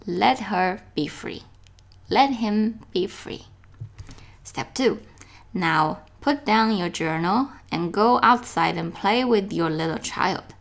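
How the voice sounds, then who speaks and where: A woman whose first language is Chinese, reading a guided self-help exercise aloud in a slow, gentle way that turns playful. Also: medium pitch, expressive. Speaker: self-help course host.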